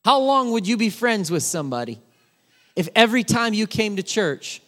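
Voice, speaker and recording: A man giving a children's sermon, animated and emphatic, talking straight to the kids. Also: high voice, normal speed. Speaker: children's pastor.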